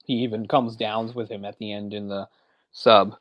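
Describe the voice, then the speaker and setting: A man's voice: lowish voice, flat delivery, moderate pace, no room sound, muffled recording. Chatty man rambling in a dry room. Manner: chatty, rambling retelling with frequent restarts and chuckles. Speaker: podcast co-host. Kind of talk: casual movie discussion chat.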